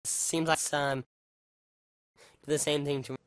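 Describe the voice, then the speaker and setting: A man's voice: a little high, little pitch movement, slow pace, fairly bright tone, smooth, no echo, studio quality. A man ranting angrily into the camera, swearing a lot and tripping over his words with repeated restarts. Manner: heated, profane, stammering restarts. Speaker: vlogger. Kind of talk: angry rant monologue.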